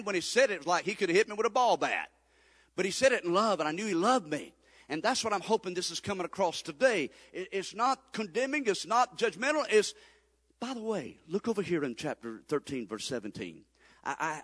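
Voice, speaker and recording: A man, preaching a sermon as pastor, swinging from loud appeals to low confiding asides. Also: big-room sound. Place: church sanctuary.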